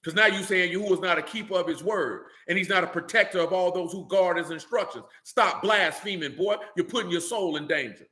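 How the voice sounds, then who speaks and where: Fiery scolding preacher man, bright voice. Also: high voice, a little fast, few pauses, roomy sound. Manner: blunt, scolding, rhetorical questions, rising to shouts. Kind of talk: fiery street-style sermon.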